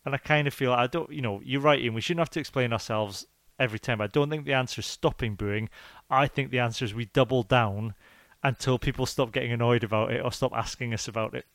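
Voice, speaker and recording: A man hosting a podcast, talking in an animated, rambling, jokey way. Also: mid-range voice, fast talker, dry recording. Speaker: podcast host. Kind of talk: casual chat.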